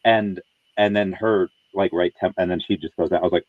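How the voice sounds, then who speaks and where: A man hosting a podcast, telling a rambling story in relaxed casual chat. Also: deep voice, fairly quick, no room sound, muffled recording. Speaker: podcast host.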